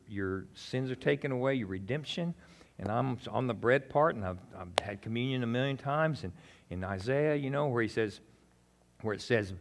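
A man preaching a sermon in a folksy, conversational way, talking straight to his congregation, now emphatic, now quiet and intimate. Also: mid-range voice. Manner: swings between emphatic and quiet, intimate delivery. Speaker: pastor.

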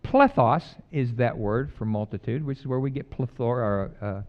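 A middle-aged male pastor preaches a conversational sermon, mixing loud, emphatic lines with quiet, jokey personal stories. His pitch is medium and his pace moderate, and the audio sounds dull.

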